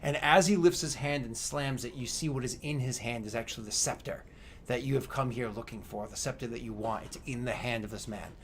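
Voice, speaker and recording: A man's voice: mid-range voice, slight background noise. Man narrating a tabletop game. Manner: halting, filler-heavy descriptive narration. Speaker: game master.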